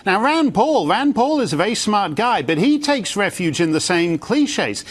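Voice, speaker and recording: A man's voice: high voice, sing-song, normal speed. A man appearing as a columnist guest on a news interview, giving articulate, sardonic commentary.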